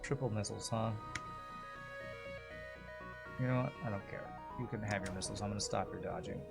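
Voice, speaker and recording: A man's voice: on the low side, racing, creaky, over loud music. A man streaming a video game, commenting live in a frustrated, swearing rant while apologizing to the ship's designer.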